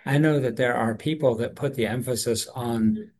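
A man's voice: medium pitch, moderate pace, a little mellow. A man co-hosting a conversational Bible study, talking in an earnest, thoughtful way with frequent restarts. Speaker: co-host of a Bible discussion.

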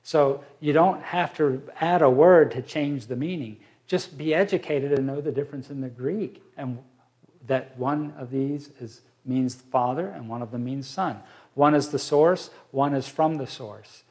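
A man teaching a Bible study, reading verses aloud and explaining them slowly with fillers. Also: medium pitch, a little mellow.

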